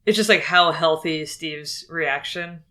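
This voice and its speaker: Young woman podcast co-host, low bright voice, measured and thoughtful. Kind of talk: casual chat.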